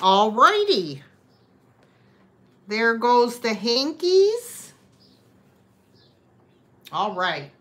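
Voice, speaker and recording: This woman sells vintage goods on a live stream and chats with viewers, greeting them by name between items. Her delivery is sing-song, high, and swooping, with a bright, forceful tone, and she talks very slowly.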